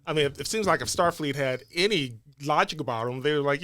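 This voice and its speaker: A man's voice: a little high, fast talker, few pauses, bright, forceful tone, no echo. A middle-aged man co-hosting a podcast in casual chat, rambling with frequent restarts. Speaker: podcast co-host.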